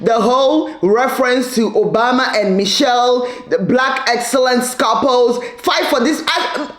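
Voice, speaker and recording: A woman's voice: a little high, unhurried. A woman giving casual, sassy commentary recapping a reality show, with playful asides and frequent laughter. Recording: echoey room.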